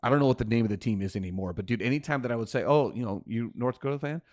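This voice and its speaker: A man co-hosting a casual sports talk show, animated and quick to jump into high exclamations. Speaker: podcast co-host.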